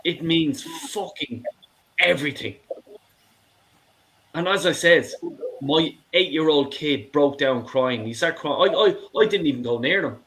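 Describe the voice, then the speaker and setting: A man's voice: on the high side, a little slow, fairly bright tone. A middle-aged man calling in to a show, ranting with passion, swearing and stumbling over repeated words. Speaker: caller. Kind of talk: heated phone-in rant.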